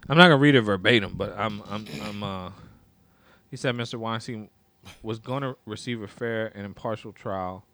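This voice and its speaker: A man's voice: fairly low pitch, normal speed, a bit bright. A young man co-hosting a podcast in loose, profane casual chat, laughing often. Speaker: podcast co-host.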